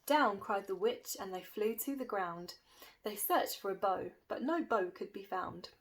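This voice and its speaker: A woman's voice: medium pitch, unhurried, a little hiss or hum, poor audio. A woman reading a rhyming children's picture book aloud with a lilting rhythm. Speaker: storybook reader.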